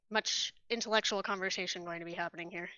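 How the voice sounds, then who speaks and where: A woman's voice: fairly low pitch, sharp tone, dry recording. A woman playing a tabletop game, talking in a light, amused way. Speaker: player. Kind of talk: casual tabletop play. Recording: dry, slightly dull lo-fi audio.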